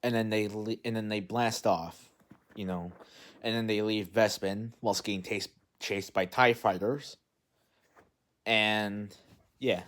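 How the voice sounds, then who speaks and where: Man, lowish voice, loose unscripted movie recap, rambling with lots of fillers and restarts. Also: steady tone, takes it slowly, a bit bright. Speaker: movie vlogger.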